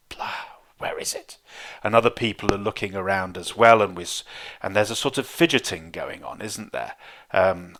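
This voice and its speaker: Deep-voiced guy giving a zen talk, calm, thoughtful, lots of uhs. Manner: calm, reflective, with many fillers and restarts. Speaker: Zen teacher. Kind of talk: Dharma talk.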